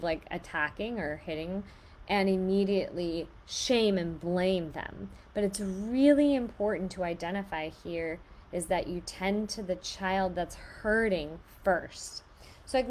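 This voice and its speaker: A woman and parent giving advice in a casual monologue, explaining calmly with lots of filler words. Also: lowish voice, slight background noise. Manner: conversational, many filler "like"s, calm explaining.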